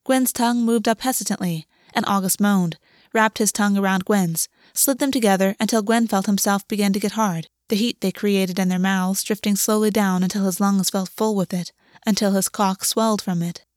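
A woman narrating a story aloud in a steady, even reading voice. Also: mid-range voice, normal speed, hardly any pauses, no echo, clean studio sound. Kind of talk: audiobook reading.

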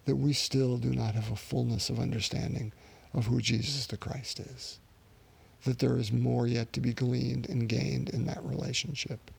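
Guy preaching a sermon, real gravelly husky voice, earnest and thoughtful. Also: medium pitch, level tone, a little mellow. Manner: earnest, reflective, with restarts and pauses.

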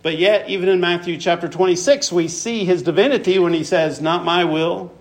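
A man's voice: a little fast, darkish tone. A man preaching a sermon, reading scripture aloud and explaining it verse by verse, lifting his voice for emphasis. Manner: expository preaching, reads scripture aloud, rises in pitch for emphasis.

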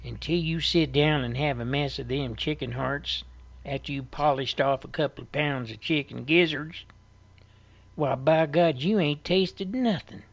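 A man doing a gruff folksy rural fellow. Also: a little high, measured pace, no room sound, muffled recording, pitched below the performer's own voice. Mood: low, insistent. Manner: folksy drawl, swearing, boastful. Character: gruff rural man selling gizzard tales.

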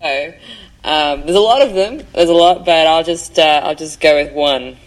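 A young Australian woman sharing a travel story in a relaxed, chatty voice message full of fillers. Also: low voice, normal speed, rough recording. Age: young adult. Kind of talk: casual recorded voice message.

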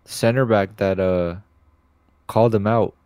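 A man's voice: on the low side, fairly even intonation, a little slow, darkish tone, clean tone, dry recording. A young man in casual soccer chat, slangy and full of "bro" and "dude".

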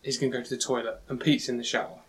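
A man's voice: medium pitch, flat delivery, rapid-fire, a bit bright. A man hosting a casual podcast chat, recapping a film scene by scene with filler ums. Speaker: podcast host.

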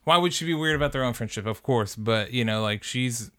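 A man's voice: mid-range voice, brisk, bright, forceful tone. A young man co-hosting an anime podcast, talking in an earnest, enthusiastic casual chat. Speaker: podcast co-host.

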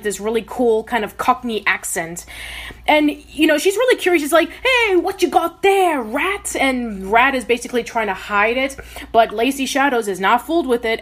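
Female podcast co-host, slightly high voice, long easygoing plot recaps. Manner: recaps plots at length with fillers. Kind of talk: casual podcast chat.

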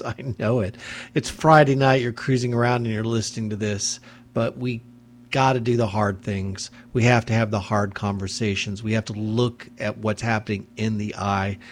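A man hosting a radio talk show, delivering an angry, impassioned monologue from a studio mic. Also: on the low side. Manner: angry, indignant, ranting.

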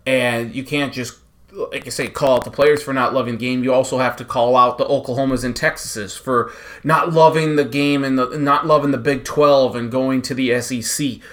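A man co-hosting a sports podcast, giving firm opinions, agreeing quickly and steering the talk along. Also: medium pitch, fairly even intonation, fairly bright tone. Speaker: podcast co-host. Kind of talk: casual sports chat.

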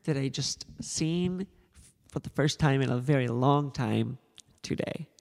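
A man's voice: mid-range voice, unhurried, vocal fry, a little mellow, in a large hall. A man co-hosting a casual podcast, telling joking, rambling stories. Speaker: podcast co-host.

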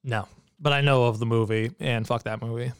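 A man's voice: medium pitch, fairly even intonation, brisk, clear, resonant tone, no room sound, clean studio sound. A man co-hosting a podcast in casual chat, joking and sarcastic. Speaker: podcast co-host.

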